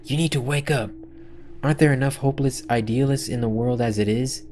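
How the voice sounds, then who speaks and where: A man voicing a blunt, dismissive young man in a game dub, flat and cutting. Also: mid-range voice, fairly quick, a little hiss or hum, close to an everyday voice. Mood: cold.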